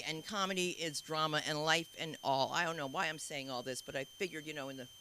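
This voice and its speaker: A woman's voice: low-pitched, bright, forceful tone, slight background noise, poor audio. A woman hosting a stand-up comedy show, rambling through her own stories and introductions. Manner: rambling, self-interrupting storytelling. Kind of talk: stand-up emcee banter.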